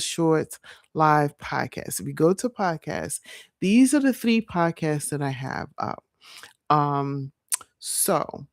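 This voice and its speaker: A woman vlogging late at night, chatting casually and rambling to her viewers, sounding tired and breaking into excited squeals. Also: low-pitched, no room sound, studio quality.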